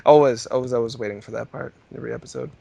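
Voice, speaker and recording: A man's voice: mid-range voice, gravelly, a bit bright, dry recording. A man co-hosting a podcast, chatting in a dry, jokey way. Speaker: podcast co-host. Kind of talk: casual chat.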